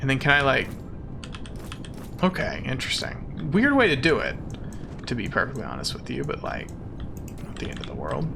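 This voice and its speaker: A man's voice: mid-range voice, huge pitch swings, moderate pace, gravelly, long pauses, noisy background. A man streaming a game as a VTuber, chatting casually with his viewers in a playful, self-mocking, jokey way.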